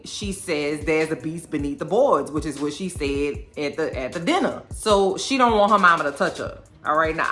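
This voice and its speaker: A woman with a New Orleans accent, chatting through a TV episode recap in an animated, playful way and acting out the characters' lines. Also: fairly low pitch. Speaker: recap host. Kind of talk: casual TV recap chat.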